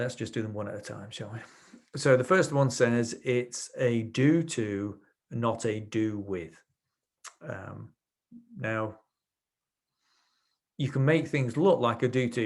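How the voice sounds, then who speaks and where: A man giving a webinar on NLP, explaining techniques through client stories in a relaxed, chatty way and acting out what his clients said. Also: medium pitch, vocal fry. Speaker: webinar presenter, NLP trainer. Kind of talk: explanatory webinar talk with anecdotes.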